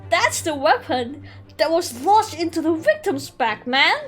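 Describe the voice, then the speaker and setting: A woman's voice: very high voice, big pitch swings, unhurried, a bit bright, faint music behind, voice pushed up, full character voice. A woman voicing a blunt male juror in a courtroom video game, reading his lines with incredulous disbelief.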